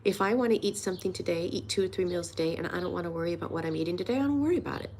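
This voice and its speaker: A woman's voice: fairly low pitch, racing, darkish tone, slight background noise. A woman in her sixties, a weight loss coach, talking earnestly and emotionally in a personal vlog, encouraging her viewers. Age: 60s.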